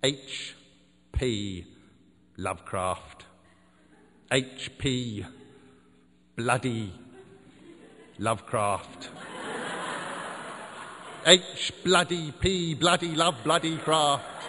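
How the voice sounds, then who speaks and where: A man voicing a small, frog-like pub regular who is loud and exasperated and keeps repeating himself. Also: medium pitch, very animated, a little slow, long reverb tail, noisy background. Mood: irritated.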